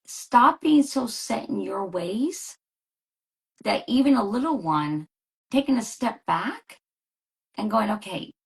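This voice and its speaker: A middle-aged woman speaking as an interview guest in a relaxed, conversational way. She is earnest and keeps repeating her main points to stress them. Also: fairly high pitch, slow pace, creaky, pauses often, breathy edge.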